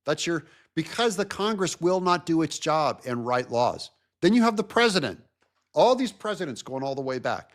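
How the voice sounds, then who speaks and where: A man hosting a show, giving an animated, mocking political commentary rant. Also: fairly high pitch, moderate pace. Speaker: host.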